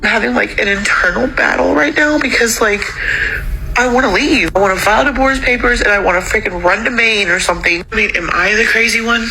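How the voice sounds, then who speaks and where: A woman's voice: a little high, a little fast, gravelly, pushed and bright, a little hiss or hum, poor audio. A woman venting in a confessional video about feeling torn, swearing as she talks.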